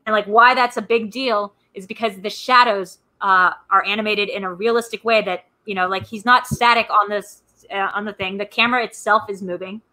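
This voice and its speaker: A woman's voice: mid-range voice, steady tone, a little fast, bright, forceful tone, low-quality recording. A woman co-hosting a casual movie podcast, rambling through film trivia with many fillers and restarts. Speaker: podcast co-host.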